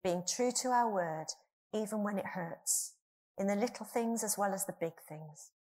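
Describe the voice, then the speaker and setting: A middle-aged woman delivers a sermon at her church. Her voice sits at an ordinary middle pitch, and she speaks earnestly, often turning to the congregation with questions. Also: normal speed, darkish tone. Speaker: preacher.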